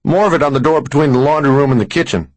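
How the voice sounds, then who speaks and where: A man voicing a brisk young male police officer who reports matter-of-factly. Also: fairly high pitch, a little mellow, dry recording, voice pushed up, lightly acted.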